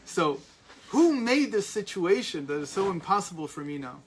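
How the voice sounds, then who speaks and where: A man from America in his forties teaches a class in a rambling, anecdotal way. He restarts sentences often and drops asides. His voice sits a little high, with a faint hum of background noise. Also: very animated, normal speed, low-quality recording. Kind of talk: storytelling lecture.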